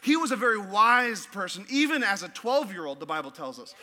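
A man preaching a sermon as pastor, animated and playful, with frequent laughs and asides. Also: high voice, fairly quick. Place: church.

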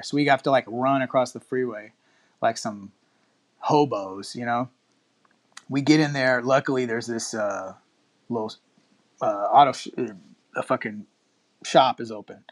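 Profane man telling a rambling story. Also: mid-range voice. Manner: profane, rambling, animated, quotes others in voices. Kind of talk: casual storytelling.

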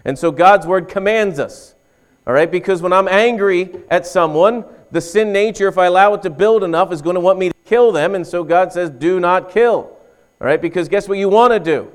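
A middle-aged male pastor delivering a sermon with a clean, resonant voice pitched a little high. He tells a story at an easy pace, then presses his points with emphatic calls. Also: normal speed. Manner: storytelling, rising to emphatic calls to get ready.

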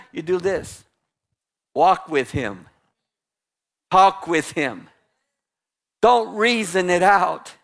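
A guest pastor with a high voice delivers a lively sermon. Animated and a little sarcastic, he acts out what people say to drive his points home.

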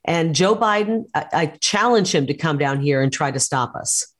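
A woman candidate speaks with firm, combative conviction. Her delivery is steady and emphatic, with punchy repeated promises. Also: low voice, normal speed. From United States. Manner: forceful, combative campaign talk. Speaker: political candidate. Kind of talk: interview over a call.

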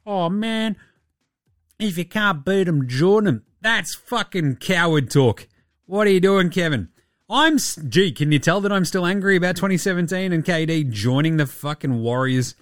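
Aussie guy ranting about basketball, sweary and sarcastic, higher-ish voice, dry close sound. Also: lively intonation, moderate pace, a bit bright, dry recording, faint music behind. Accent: Australian. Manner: rambling, sarcastic and profane. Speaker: podcast host. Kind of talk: casual basketball chat.

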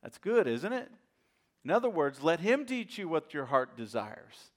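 Male pastor preaching in church, kinda high voice, goes loud then real quiet, repeats lines for emphasis. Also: big pitch swings, normal speed. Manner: preacherly, swings from loud to hushed. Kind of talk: sermon.

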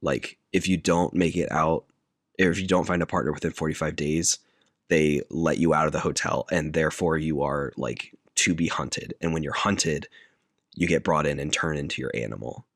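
A man co-hosting a podcast, casually and haltingly recounting a movie plot. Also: extremely low pitch, steady tone, a bit bright, dry recording, clean studio sound. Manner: halting, loose, with many fillers. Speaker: podcast co-host.

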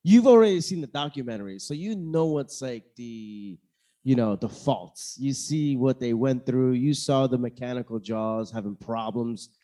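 A man's voice: medium pitch, normal speed, dark tone. A man hosting a podcast, talking casually and playfully and laughing often. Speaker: podcast host. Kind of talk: casual chat.

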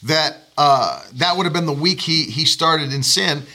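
A man's voice: on the high side, a little slow. A man, a pastor, telling a personal story in casual chat and laughing as he talks. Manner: animated storyteller, laughs while talking.

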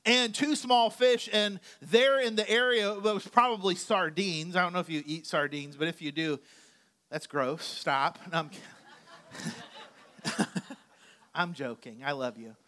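Male pastor with a high, bright voice, preaching in a loose, joking, chatty way. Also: unhurried, long pauses. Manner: chatty, joking asides to the congregation. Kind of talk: conversational sermon.

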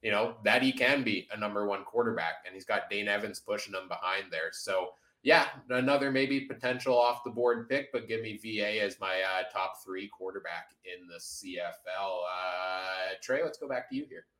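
A man's voice: fairly low pitch, normal speed, hardly any pauses, bright, forceful tone, echoey room, low-quality recording. A man hosting a casual sports podcast roundtable, analytical and steering the talk, with frequent "uh" fillers. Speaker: podcast host.

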